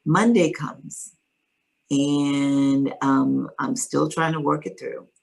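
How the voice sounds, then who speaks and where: Low, gravelly-voiced woman telling her story. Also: takes it slowly, rough recording. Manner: calm, reflective retelling. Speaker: interview guest. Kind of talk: personal storytelling in an interview.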